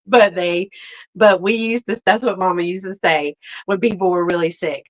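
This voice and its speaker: A woman's voice: on the low side, steady tone, measured pace, poor audio. A woman hosting a casual live stream, rambling in a chatty way and greeting viewers by name. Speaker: host.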